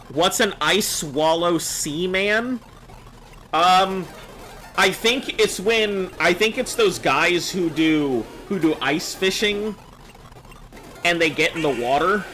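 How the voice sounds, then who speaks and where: A man's voice: on the high side, sharp tone, a little hiss or hum. A man streaming live, chatting casually with viewers, reading chat messages aloud and joking as he goes.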